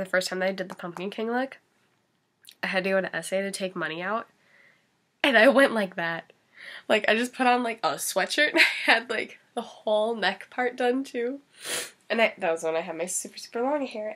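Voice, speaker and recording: A young makeup vlogger speaks briskly at medium pitch with a fairly bright tone. She chats casually through her tutorial, rambling and giggling with many "likes" and "ums," her face painted and her nose sniffly as she sneezes.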